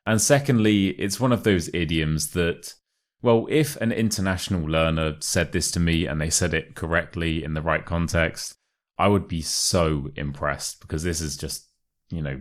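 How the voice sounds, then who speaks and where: A man with a deep, low voice and a modern Received Pronunciation English accent delivers a scripted English lesson. He speaks clearly and deliberately and stresses the key words. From United Kingdom. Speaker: English teacher. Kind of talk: scripted teaching monologue. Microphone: laptop recording setup.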